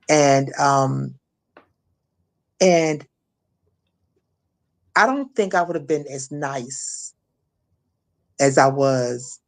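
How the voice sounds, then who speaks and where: A middle-aged woman from Maryland speaking as an interview guest, telling a painful personal story with frequent restarts and fillers. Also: rumbling low. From Maryland, USA. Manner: halting, many restarts and fillers. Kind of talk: emotional personal testimony.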